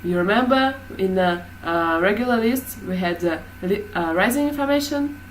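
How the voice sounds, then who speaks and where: A woman's voice: mid-range voice, expressive, normal speed, a little hiss or hum, rough recording. A woman teaching a class, explaining hesitantly with many fillers.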